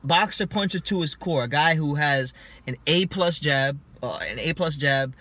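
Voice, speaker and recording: A man's voice: on the high side, expressive, moderate pace, dry recording. Male boxing show host, casual chat, punchy emphatic delivery. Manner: emphatic, builds up to loud points.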